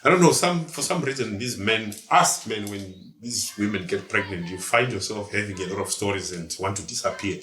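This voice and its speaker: A man's voice: on the low side, moderate pace, few pauses, pushed and bright, a little hiss or hum. A man with a South African accent, co-hosting a podcast and giving his views in an emphatic casual chat with punchy asides. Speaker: podcast co-host. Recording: echoey room.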